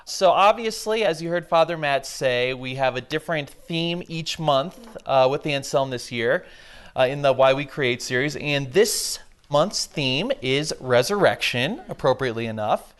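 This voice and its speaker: A man's voice: mid-range voice, expressive, moderate pace, clear, resonant tone. A man hosting a live podcast recording, jokey and loose in manner. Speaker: host.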